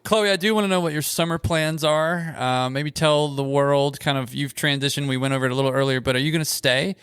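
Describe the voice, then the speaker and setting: Smooth-voiced male podcast host. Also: on the high side, fairly bright tone, no room sound, studio quality. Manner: upbeat, quick interjections. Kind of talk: casual podcast interview.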